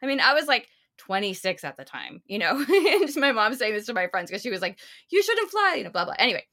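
A woman's voice: medium pitch, big pitch swings, fast, pushed and bright. A woman co-hosting a podcast, chatting casually and rambling through long stories. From United States. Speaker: podcast co-host. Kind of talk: casual chat.

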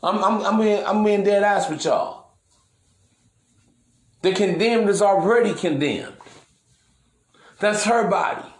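A man's voice: high-pitched, slow, pauses often, roomy sound. Brash, preachy podcast man. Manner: brash, preachy, slangy, swears. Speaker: podcast host. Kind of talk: casual monologue.

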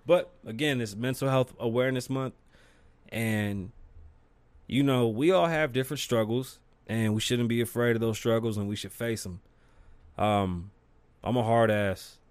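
A man's voice: medium pitch, moderate pace, smooth, dry recording. A man hosting his own podcast, talking casually and profanely and telling stories with lots of energy. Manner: profane, animated storytelling. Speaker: podcast host.

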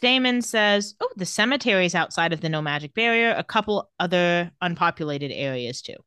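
A woman's voice: fairly low pitch, animated, brisk, bright, forceful tone, smooth, no echo, studio quality. A woman co-hosting a podcast, casually recapping an episode and reading lines with wry asides. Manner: reads out dialogue with wry asides. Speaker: podcast co-host.

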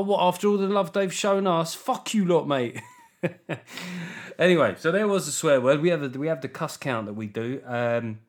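A middle-aged man with a Southern English accent, hosting a solo comedy podcast, riffing loosely and swearing freely. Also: medium pitch. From England. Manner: swears freely, riffs with mock voices. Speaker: podcast host.

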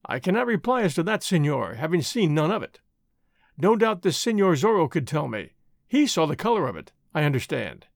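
A man's voice: fairly high pitch, sing-song, fairly quick, gravelly, no echo, studio quality. A man reading aloud as a languid, mocking young Spanish nobleman, in an old adventure storybook, with a drawling, idle delivery.

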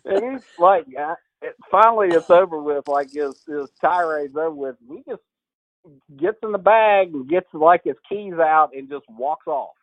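A man, a golf coach guest, telling animated stories in a podcast interview and acting out what people said, laughing often. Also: on the high side, moderate pace, no echo, rough recording. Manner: animated storyteller, acts out quotes, laughs often.

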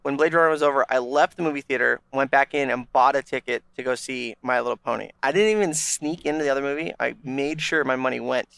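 A man's voice: medium pitch, quick pace, gravelly, hardly any pauses, fairly bright tone, clear, resonant tone, no room sound. A man co-hosting a gaming podcast, chatting casually with a sarcastic, joking manner and frequent stammered restarts. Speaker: podcast co-host. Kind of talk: casual chat.

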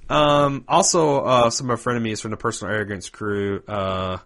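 A man's voice: fairly low pitch, fairly even intonation, normal speed, fairly bright tone. A man co-hosting a casual podcast, rambling through listener feedback with plenty of fillers and restarts. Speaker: podcast co-host.

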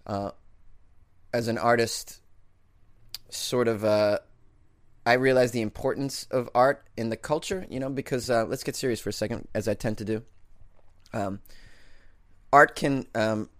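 A man's voice: medium pitch, a little slow, pauses often, no echo, clean studio sound. Rambling, self-amused podcast host man. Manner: rambling, self-amused, full of fillers and restarts. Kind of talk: casual comedic monologue.

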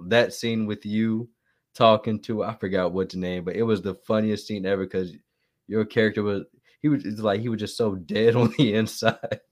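A man's voice: lowish voice, steady tone, moderate pace. A man hosting a podcast interview, chatting casually and eagerly, stumbling as he starts his sentences. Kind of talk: casual chat.

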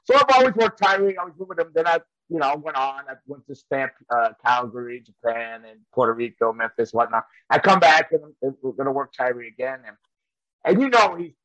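A man's voice: mid-range voice, brisk, a bit bright, no echo, lo-fi sound. A man and former wrestler telling rambling stories in casual chat, often laughing as he goes. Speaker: professional wrestler and trainer.

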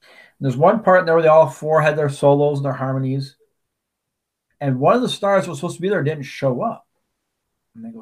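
A man's voice: a little high, a little fast, pauses often, a little mellow. A man co-hosting a podcast, talking casually and telling stories with plenty of asides and restarts. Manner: chatty storyteller, many restarts and asides. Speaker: podcast co-host. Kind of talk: casual chat.

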